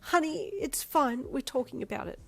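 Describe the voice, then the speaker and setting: A woman's voice: sits high, expressive, normal speed, gravelly, voice pushed up, exaggerated voice. A woman voicing a tearful middle-aged mother who soothes and placates. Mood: soothing. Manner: placating, soft.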